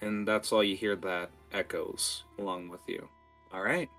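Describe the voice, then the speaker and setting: A man running a tabletop game as game master, talking in a lively, rambling way with fillers. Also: deep voice, a little slow, faint music behind.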